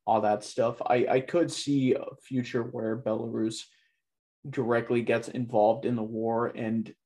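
A man with a middle-pitched voice talks loosely and casually. His sentences are packed with fillers and restarts, and he sounds like he is speaking off the cuff in a relaxed chat. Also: measured pace. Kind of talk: casual discussion.

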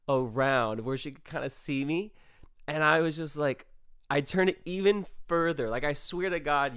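A young man casually telling a story on his vlog, animated and profane, full of quick asides. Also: medium pitch, clear, resonant tone, dry recording, clean studio sound. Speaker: vlogger.

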